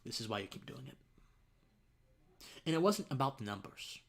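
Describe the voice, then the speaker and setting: Very animated at a moderate pace, a young man with a mid-range voice shares an earnest personal story on his livestream. He grows tearful and choked up, speaking in near whispers.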